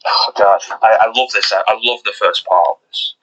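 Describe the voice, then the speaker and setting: A man co-hosting a podcast in casual chat, talking excitedly with lots of restarts. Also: fairly low pitch, fairly quick, highs cut off. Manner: excited, rambling with many restarts. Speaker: podcast co-host.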